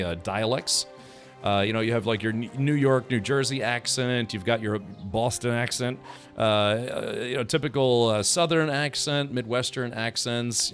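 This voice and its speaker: A man's voice: medium pitch, a bit bright. A man streaming a video game, casually thinking aloud and chatting with viewers in a rambling way. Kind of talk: casual gameplay commentary.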